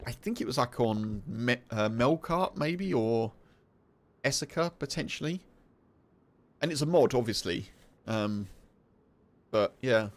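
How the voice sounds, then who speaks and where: A man's voice: mid-range voice, lively intonation, unhurried, pauses often. A British man chatting casually with viewers on a game livestream, explaining slang. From United Kingdom. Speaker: streamer.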